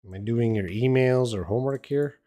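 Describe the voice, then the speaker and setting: A man's voice: medium pitch, brisk, dark tone. A man teaching English in a live-stream Q&A from home, answering viewers in a blunt, opinionated, teasing way.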